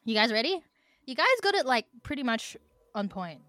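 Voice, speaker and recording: A woman in casual chat, animated and teasing, explaining slang to friends. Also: on the high side, moderate pace, dry recording.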